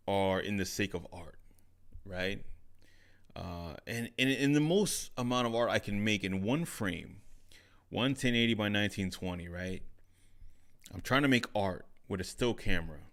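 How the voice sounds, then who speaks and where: A low, gravelly-voiced man talks alone into a studio mic on an overhead stand. His delivery is reflective and loose, circling back with repeated phrases and tag questions. He sounds like a podcast host thinking out loud from his home setup. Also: unhurried, long pauses. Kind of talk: solo casual talk. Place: home studio with curtains behind. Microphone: studio microphone on overhead stand.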